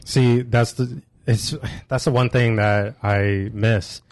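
A man's voice: mid-range voice, slow pace. Guy on a podcast telling a funny story, mid voice, cursing and laughing as he goes. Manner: animated, swearing, laughs at his own story. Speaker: podcast co-host. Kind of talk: casual chat, storytelling.

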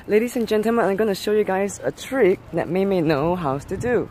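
Streaming casually at night from a park playground on a handheld camera, a livestreamer with a Singaporean English accent loudly calls their dogs in a high, excited voice, then drops to low asides for viewers. They speak a little fast with hardly any pauses, over slight hiss or hum.

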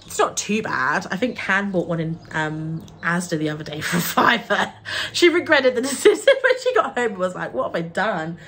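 A woman's voice: medium pitch, sing-song, moderate pace, fairly bright tone, a little hiss or hum. A young woman, chatting casually to camera in a vlog, rambling with lots of fillers and little giggles. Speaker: vlogger.

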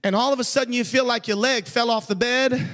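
A man, an evangelist, preaching a sermon with storytelling that builds to shouted emphasis. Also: very high-pitched, fairly even intonation, a little fast. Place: church sanctuary. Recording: long church reverb.

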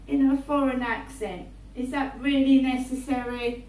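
A woman, rambling through a personal monologue in her flat and often checking in with "right?". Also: high-pitched, measured pace. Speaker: vlogger. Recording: roomy, distant mic, faint hum.

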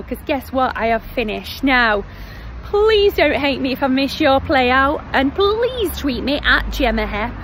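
Chatty Northern woman vlogging outdoors. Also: a little high. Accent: Northern English. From North West England. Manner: chatty, self-deprecating, animated asides. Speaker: theatre vlogger. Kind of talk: casual vlog previews. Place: outdoors by a road. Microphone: phone at arm's length. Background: traffic.

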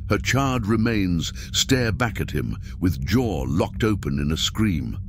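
A man reading the narration of a comedy sketch in an even, deadpan way. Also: low-pitched, takes it slowly, noisy background. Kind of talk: scripted narration.

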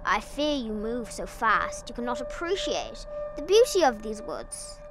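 A cunning, hungry wolf from a storybook, played by a woman, purring his words out slow and silky. Music plays beneath him. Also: fairly high pitch, sing-song. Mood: coaxing. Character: sly hungry male wolf, smooth-talking predator. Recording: music playing behind.

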